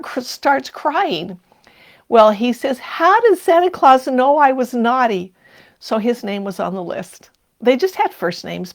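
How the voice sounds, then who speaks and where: A woman's voice: medium pitch, darkish tone. An older woman hosting a sewing livestream, chatting casually, laughing often and reading viewer comments aloud. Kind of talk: casual live-stream chat.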